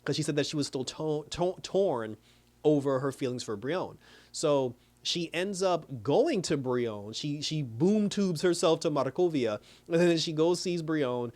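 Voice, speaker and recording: A man's voice: a little high, animated, a little slow, darkish tone. Laughing man recapping a show. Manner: laughs often while retelling, loose and rambling. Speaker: TV show reviewer. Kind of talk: casual episode recap.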